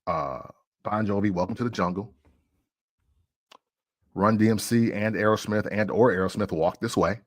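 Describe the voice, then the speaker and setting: A man's voice: lowish voice, normal speed, long pauses. A man hosting a casual music talk show, arguing playfully and laughing often.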